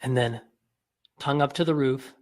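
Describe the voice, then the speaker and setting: A man calmly guiding listeners through a breathing and mouth exercise, drawing out demonstration sounds as he coaches. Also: medium pitch, normal speed. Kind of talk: guided exercise instruction.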